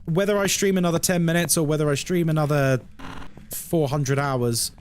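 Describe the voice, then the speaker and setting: A man's voice: fairly high pitch, moderate pace, slight background noise. A British man chatting casually on a live stream, wry and sarcastic as he answers his chat. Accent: British English. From Britain.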